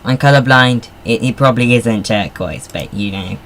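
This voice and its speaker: A man's voice: mid-range voice, moderate pace, fairly bright tone. A man giving casual, rambling commentary while playing a car design game. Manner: rambling, chatty, self-deprecating asides. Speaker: gamer.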